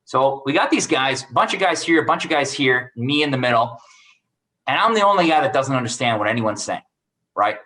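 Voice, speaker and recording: Man, expert guest on a video call; bright, punchy delivery, animated storyteller. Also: medium pitch, a little fast, low-quality recording. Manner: animated, acts out quoted dialogue. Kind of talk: storytelling career advice.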